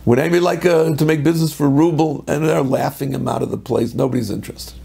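A middle-aged man, a rabbi, giving a Torah lecture and telling a story in a lively way, mixing in Hebrew and Yiddish terms. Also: fairly high pitch, quick pace, gravelly, breathy edge.

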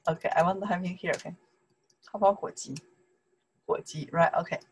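A woman from China with a Chinese accent, teaching a casual online lesson in chatty broken English and repeating words slowly for learners. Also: lowish voice, fairly even intonation, slight background noise, poor audio.

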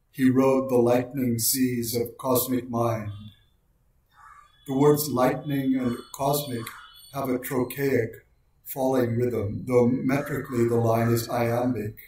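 A man giving a precise, measured lecture on poetic meter and slowing down to recite lines of verse. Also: medium pitch, a little mellow, slight background noise. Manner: precise, deliberate delivery, slows for quoted lines. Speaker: lecturer on poetry. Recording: very echoey room, voice far from mic.

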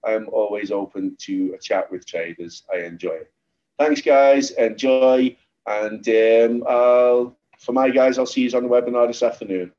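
A man's voice: mid-range voice, measured pace. A man with a Liverpool accent hosting a trading webinar, talking informally and repeating himself as he explains charts. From Liverpool, England. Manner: chatty, repetitive, lively storytelling. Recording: slightly dull lo-fi webinar audio.

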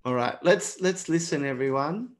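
A man's voice: on the high side, lively intonation, normal speed. An Australian man teaching a live online exam prep lesson, encouraging and speaking to viewers in the chat by name.

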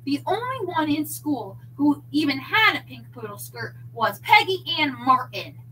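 A sharp-tongued, indignant wife in a storybook reading, snapping accusations at her husband, as a woman reads her lines. The voice is high and bright, swinging up and down in pitch, with a faint hum behind it. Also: very animated, unhurried, distant mic, heavily acted, poor audio.

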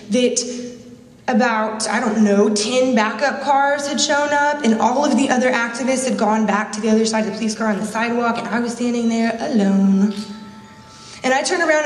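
A woman giving a conference speech, telling a personal story with emotion and repeated phrases. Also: on the high side. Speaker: speaker at a conference. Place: conference hall. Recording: echoey hall, mic from a distance.

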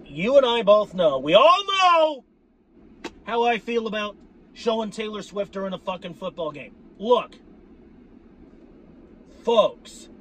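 A man with a rather high voice delivers a worked-up fan rant straight to his viewers. He swears freely, circles back over his own phrases and keeps calling his audience "folks". A faint hum of noise sits underneath. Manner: profane, repetitive, addresses viewers as folks. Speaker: sports fan vlogger. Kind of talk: ranting fan commentary.

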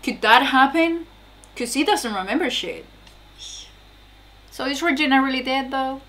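A woman's voice: high voice, measured pace, a bit bright. A young woman casually reacting aloud to a TV episode, exclaiming, swearing and laughing between remarks. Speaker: reaction video host.

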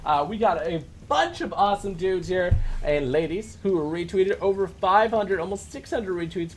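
A young man hosting a game live stream, chatting casually and giving quick, upbeat shout-outs with some stumbles. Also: sits high, lively intonation. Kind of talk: casual live-stream chat, reading out super chats.

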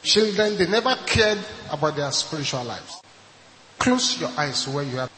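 A man's voice: fairly high pitch, expressive, normal speed, sharp tone. A Nigerian man preaching a sermon as pastor, emphatic and repeating his key points. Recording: echoey hall with long reverb.

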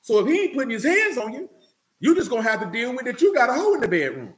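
A man's voice: extremely high pitch, sing-song, quick pace, roomy sound. A man giving a loose, conversational sermon, talking directly to listeners and often checking they follow him. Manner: talks loosely and directly, often asking "you know what I'm saying". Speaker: preacher.

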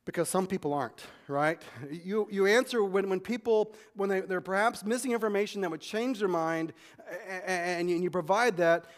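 A man pastor preaching a sermon in a conversational way, often restarting and repeating words. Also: high-pitched. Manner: conversational preaching, acts out quick back-and-forth dialogue.

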